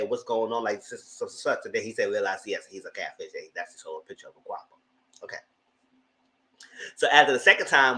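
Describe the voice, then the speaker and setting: A man casually retelling a reality show episode, animated and incredulous, jumping to high exclamations. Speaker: TV recap vlogger. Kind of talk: casual recap commentary.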